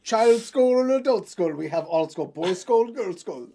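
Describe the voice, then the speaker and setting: A man's voice: high voice, expressive, normal speed, dark tone, voice pushed up. A man putting on a mock-Russian skull peddler. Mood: hawking. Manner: broken English, hawking wares. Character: gruff Russian male skull seller.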